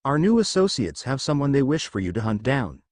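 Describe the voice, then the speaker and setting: Brief: calm scheming villain boss, read by a man, dry close sound. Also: mid-range voice, a little fast, dry recording. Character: smooth scheming male villain leader.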